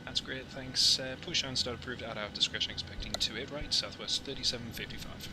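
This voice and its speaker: A man chats casually and jokily with his live-stream viewers, wandering off on tangents between radio calls. His voice sits in a middle pitch over a clear, steady background hum. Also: fairly quick. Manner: chatty, jokey, rambling asides to viewers. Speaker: flight sim streamer.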